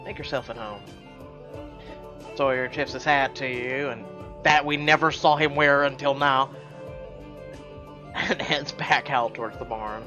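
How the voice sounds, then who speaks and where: A man's voice: mid-range voice, fairly even intonation, unhurried, music in the background. A man reading a story game aloud and chatting in a casual, joking way. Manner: joking, casual, swears freely. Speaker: game playthrough reader and YouTuber. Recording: dull lo-fi audio.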